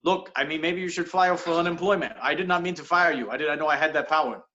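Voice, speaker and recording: A man improvising a comedy scene over a video call, earnestly playing an odd cop with absurd deadpan logic. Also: on the high side, fast talker. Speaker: improv performer. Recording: dull lo-fi video call audio.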